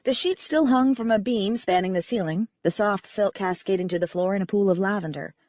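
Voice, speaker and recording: A woman reading a first-person audiobook in a wry, expressive narration. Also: mid-range voice, a little fast, no echo, highs cut off.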